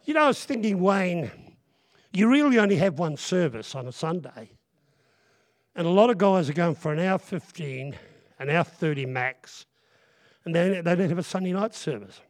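Male preacher, high voice, loud and rambling, jokes and crowd call-outs. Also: lively intonation, normal speed, long pauses. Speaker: guest preacher. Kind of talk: sermon.

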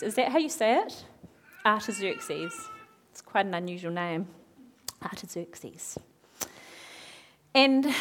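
A woman preaching a sermon, retelling a Bible story in a lively way, acting out the characters' lines and asking her listeners questions. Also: medium pitch. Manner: animated, acts out quoted characters, asks the audience questions.

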